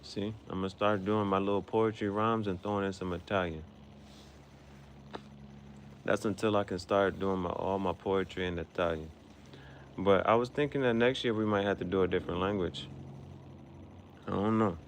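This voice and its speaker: Deep-voiced rambling man, loose talk. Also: fairly even intonation, normal speed, pauses often, slight background noise. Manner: rambling, repeats himself, drops in foreign words. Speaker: podcast host. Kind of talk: casual rambling monologue.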